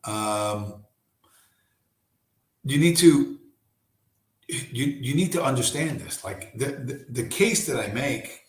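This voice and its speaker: A man hosting a casual late-night livestream from home, hoarse and losing his voice, talking in a rambling, profane way full of restarts. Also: mid-range voice, expressive, takes it slowly, long pauses, echoey room. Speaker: livestream host.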